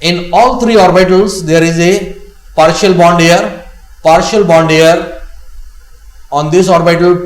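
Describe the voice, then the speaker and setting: A man with an Indian English accent gives a chemistry lesson in a slow, deliberate way, saying key phrases twice. His voice sits a little high, and the recording has a roomy echo. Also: fairly even intonation. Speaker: chemistry teacher. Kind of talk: classroom lecture.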